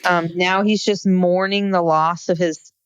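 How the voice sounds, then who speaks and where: A woman's voice: lowish voice, steady tone, unhurried, clean tone. A woman co-hosting a podcast in casual chat, giving wry, skeptical commentary. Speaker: podcast co-host. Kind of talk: casual chat recapping a reality show.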